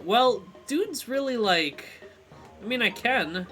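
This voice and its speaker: A man chats his way through a video game on a live stream, playful and joking as he reads the on-screen text aloud. His voice is bright and his pitch jumps around a lot, with faint music playing underneath. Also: expressive, slow pace.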